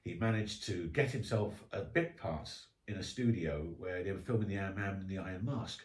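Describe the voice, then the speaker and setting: Man, guest author, chatty storyteller, quick delivery, roomy echoey sound. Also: low-pitched. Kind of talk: casual interview chat. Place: podcast recording room. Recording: roomy echo.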